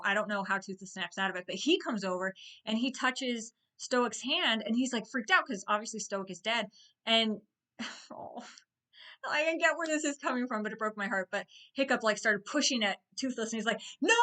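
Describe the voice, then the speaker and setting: A woman casually recapping a movie plot in a chatty, expressive way, acting out characters' lines now and then. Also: mid-range voice. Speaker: movie vlogger.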